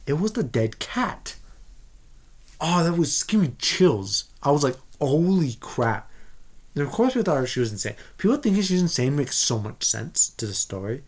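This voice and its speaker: A man giving a casual spoiler review of a movie, rambling and excitable with many restarts. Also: a little high, normal speed.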